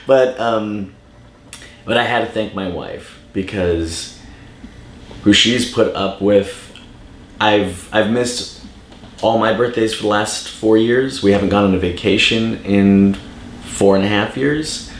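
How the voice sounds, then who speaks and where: Male documentary director, lower voice, animated and emotional, acts out quotes, roomy echo with faint hum behind. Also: normal speed. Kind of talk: casual interview. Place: film festival.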